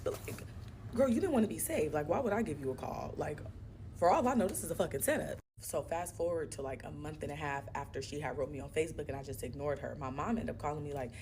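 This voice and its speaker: Fast-talking woman telling a profane story. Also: low voice, darkish tone, slight background noise. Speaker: vlogger. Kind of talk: story-time vlog.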